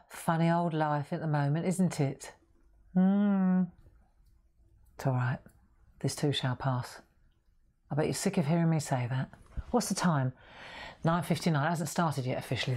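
A woman's voice: low-pitched, darkish tone. A woman hosting a craft livestream from her craft room, chatting to viewers in a rambling, jokey way and laughing often. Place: indoor home craft room.

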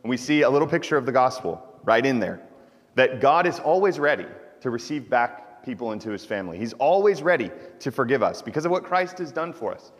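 A man's voice: mid-range voice, lively intonation, a little fast. A man preaching a sermon as pastor, in an informal, conversational way that often checks in with listeners. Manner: conversational preaching with frequent "right?" asides. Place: church sanctuary. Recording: church hall reverb.

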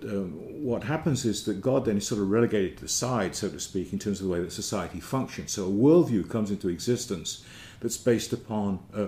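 A man's voice: fairly low pitch, dark tone. A man giving an informal theology lecture, thoughtful and searching for words. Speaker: speaker giving a talk on theology. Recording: roomy echo.

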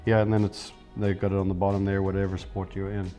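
A man's voice: deep voice, monotone, fast, warm tone, faint music behind. A middle-aged man, a golf pro, telling casual self-deprecating anecdotes in an interview.

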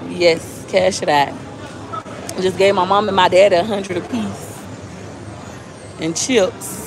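A woman's voice: on the low side, fairly even intonation, takes it slowly, noisy background. A woman gambling on a live stream in a casino, coaxing the slot machine and chatting with her viewers. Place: casino floor.

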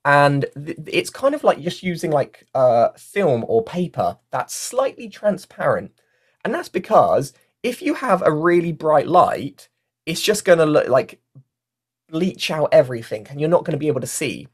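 Chatty animated workshop facilitator. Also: mid-range voice, moderate pace, husky. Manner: chatty, with many fillers like "like" and "you know". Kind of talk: casual online workshop teaching, reading out chat comments. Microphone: mic with a fluffy foam cover.

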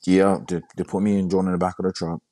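A young man with a very deep voice recounts his story in a halting, repetitive way and keeps quoting himself. The sound is dry and close, with no room around it. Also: flat delivery, dark tone, dry recording. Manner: halting, repeats words, quotes himself. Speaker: guest sharing his story. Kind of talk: casual storytelling.

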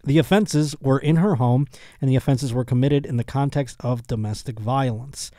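A man's voice: mid-range voice, moderate pace, dark tone, no echo, clean studio sound. A man hosting a casual comedy podcast, reading news stories aloud and breaking off for jokey asides. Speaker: podcast host.

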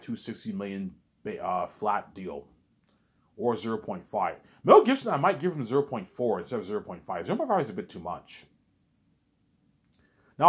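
A man's voice: on the low side, slightly rough. A man rambling through a casual monologue, repeating himself and drifting into talking to himself. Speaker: vlogger.

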